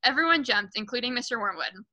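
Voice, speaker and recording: Woman book-club reader, fairly high, bright voice, over a video call. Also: fast, low-quality recording. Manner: lively, self-correcting as she reads. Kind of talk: reading a children's novel aloud.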